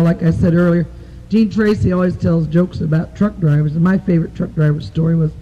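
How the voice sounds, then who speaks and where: A woman's voice: fairly low pitch, mellow, highs cut off. A woman telling crude, folksy jokes in a drawl on a live stand-up stage, full of "you know". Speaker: stand-up comedian. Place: live club stage before an audience. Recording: old tape recording, faint hiss.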